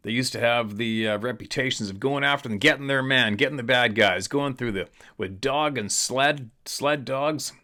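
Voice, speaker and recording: A man's voice: mid-range voice, moderate pace, few pauses, sharp tone. A man from British Columbia hosts the show in a blunt, opinionated, rambling monologue. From British Columbia, Canada. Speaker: host, hunting and fishing guide. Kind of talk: casual monologue, reading a viewer letter.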